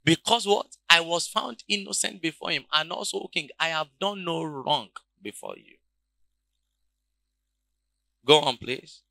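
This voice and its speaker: A man preaching a sermon, calling out questions to the congregation and swinging between quiet, low passages and loud shouts. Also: moderate pace, gravelly, dry recording. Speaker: pastor.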